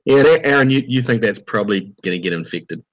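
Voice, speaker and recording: Brief: low-voiced male game master, chatty, hesitant, home computer mic. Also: expressive, fast talker, no room sound, low-quality recording. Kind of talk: running a tabletop game online. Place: home room.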